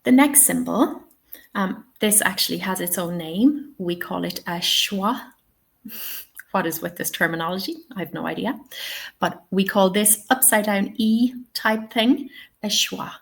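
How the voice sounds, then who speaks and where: A woman's voice: medium pitch, expressive, unhurried, gravelly. A woman with an Irish accent hosting an online lesson, patiently explaining and modelling each vowel sound. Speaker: English teaching webinar host. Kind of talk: online lesson, live webinar.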